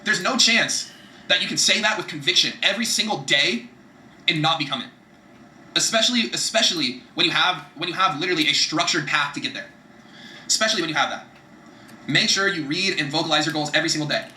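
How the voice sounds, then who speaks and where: A man giving a fast, profane, emphatic motivational talk about setting goals, often repeating himself for emphasis. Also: fairly high pitch, lively intonation, sharp tone, reverberant, a little hiss or hum. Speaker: vlogger giving trading and goal-setting advice.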